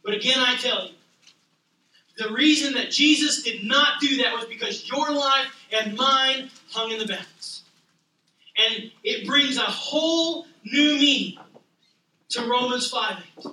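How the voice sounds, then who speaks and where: A male pastor preaching a sermon with passion, rising to loud cries and dropping to hushed lines. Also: extremely high pitch, measured pace, a little hiss or hum. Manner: impassioned, swinging from loud to hushed. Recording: echoey room, voice a bit distant.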